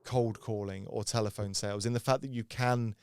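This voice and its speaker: A man hosting a sales podcast, agreeing often and asking open questions in a relaxed chat. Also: fairly low pitch, brisk, clean tone, no echo, clean studio sound. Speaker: podcast host. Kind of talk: casual conversational interview.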